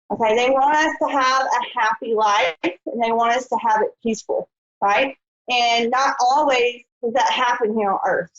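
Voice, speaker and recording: Woman psychic host, high and chatty, muffled live-stream sound. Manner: chatty, folksy, says honey and y'all. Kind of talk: live-stream call-in show.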